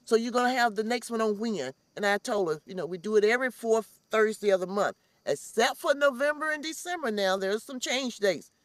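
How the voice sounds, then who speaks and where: A woman's voice: fairly high pitch, animated, a little fast, few pauses, no room sound. A woman who organizes a community farm, speaking earnestly in an interview and repeating phrases for emphasis. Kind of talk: heartfelt interview talk.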